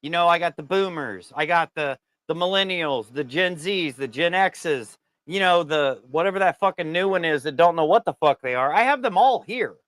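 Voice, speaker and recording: A man's voice: on the high side, animated, moderate pace, few pauses, a bit bright, no room sound. A man co-hosting a casual talk show, telling profane, exasperated stories about his work. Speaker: podcast co-host. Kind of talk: casual ranting storytelling.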